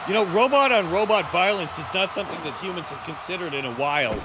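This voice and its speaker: A man hosting a live stream and calling a wrestling match with bombastic, profane, jokey play-by-play and sudden shouted calls. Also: sits high, lively intonation, fast, noisy background.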